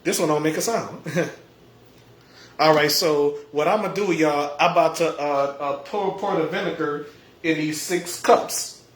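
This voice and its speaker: A man's voice: a little high, unhurried. A man hosting a casual home livestream, stammering and repeating his words, often chuckling. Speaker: livestream host. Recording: echoey room.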